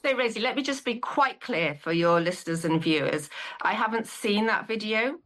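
A woman's voice: medium pitch, lively intonation, moderate pace, fairly bright tone. A woman politician in an interview, giving guarded, repetitive answers. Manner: guarded, repetitive talking points.

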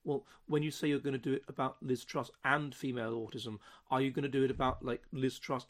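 A man voicing a pedantic young male friend who speaks in a quiet, low, oddly precise way. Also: level tone, fast, lightly acted. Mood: quizzical. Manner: precise, questioning, unusual phrasing.

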